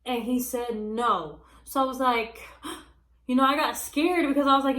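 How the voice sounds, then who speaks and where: A woman's voice: fairly high pitch, fairly quick, fairly bright tone, reverberant, rough recording. A woman telling a personal story to her viewers in a casual, chatty way, calling them y'all and using many fillers. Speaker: vlogger. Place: small room at home.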